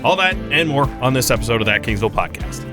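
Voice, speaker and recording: A man's voice: very animated, fast talker, over music. A Canadian man co-hosting a casual podcast, reading an ad with jokey, hammy delivery. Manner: jokey, hammy ad delivery with big pitch swings. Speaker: podcast co-host. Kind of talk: casual chat and playful ad read.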